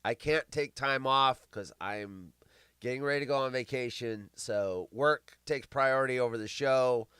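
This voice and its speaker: Hoarse man speaking softly, dry mic. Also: mid-range voice, moderate pace, no echo. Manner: quiet and tired, trailing off. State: losing his voice, clearing throat. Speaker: podcast host. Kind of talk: casual chat.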